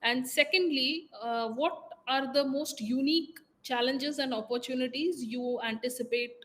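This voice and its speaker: Polite woman interviewer, higher voice. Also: moderate pace, fairly bright tone. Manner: polite, structured questioning. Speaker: interview host. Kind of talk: interviewer asking questions.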